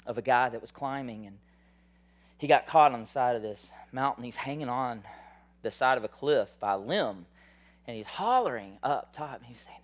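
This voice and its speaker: A man preaching a sermon in a conversational style, swinging from loud, high bursts to soft, low asides. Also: moderate pace. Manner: animated, rises high and loud then drops soft; conversational, frequent "like" and "right?". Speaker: pastor.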